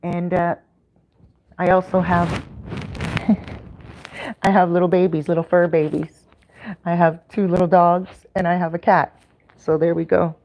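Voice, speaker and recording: A woman's voice: lowish voice, flat delivery, unhurried, long pauses, darkish tone. A woman with a Canadian accent chatting casually on her livestream, upbeat and rambling with lots of ums and restarts. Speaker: YouTuber hosting a livestream.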